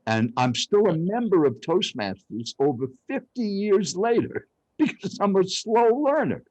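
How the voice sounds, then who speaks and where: A man's voice: high-pitched, unhurried, dry recording, low-quality recording. An older man, a speech coach, telling dramatic personal stories as an interview guest. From Arizona, United States. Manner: animated, dramatic storyteller. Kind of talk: storytelling interview.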